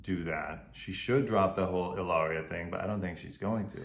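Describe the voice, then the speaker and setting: Guy on a couples podcast giving his take, lowish voice, echoey room. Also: a little fast. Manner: opinionated, explains at length. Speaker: podcast co-host. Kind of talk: casual chat.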